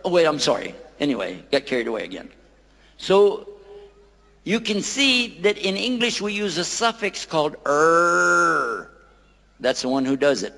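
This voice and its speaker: A man giving a playful public lecture on a microphone, quizzing his audience and repeating words slowly for them to say back. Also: high voice, sing-song, sharp tone. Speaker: lecturer on Islam. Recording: long hall reverb.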